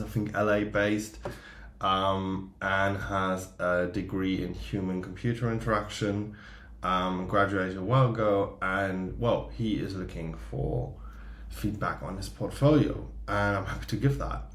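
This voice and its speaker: Man, guest reviewer, relaxed and hesitant, low voice, echoey room. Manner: relaxed, hesitant, many ums. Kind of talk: casual explanation. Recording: echoey room with faint noise.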